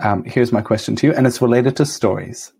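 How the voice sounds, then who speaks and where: A man who is a podcast guest, chatting casually and speaking thoughtfully and hesitantly, with many pauses and ums. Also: mid-range voice, gravelly, mellow, breathy edge. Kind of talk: casual chat.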